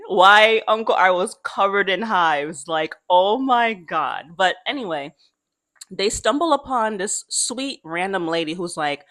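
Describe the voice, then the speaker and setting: A woman's voice: mid-range voice, animated, a little slow, fairly bright tone. Laughing slangy young woman vlogger. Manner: laughs often, slangy, swears freely. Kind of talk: casual chat.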